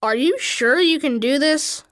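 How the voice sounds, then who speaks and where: Woman doing a calm college guy helper in a kids' story, steady, reassuring. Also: sits high, measured pace, no echo, clean studio sound. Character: calm young man helper.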